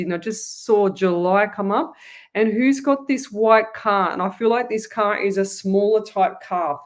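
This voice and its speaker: A woman with an Australian accent hosting a live online psychic reading show, chatty and rambling, talking straight to her viewers. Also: medium pitch. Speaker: psychic medium host.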